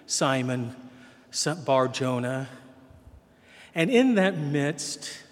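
Man preaching a sermon slow and easy, kinda high voice, big church echo. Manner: conversational storytelling, acts out quoted voices. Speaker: pastor. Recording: long hall reverb.

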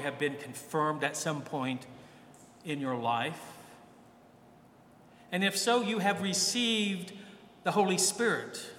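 Male priest, high voice, slow deliberate delivery, echoey church recording. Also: pushed and bright. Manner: conversational preaching, acts out quoted voices. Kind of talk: sermon.

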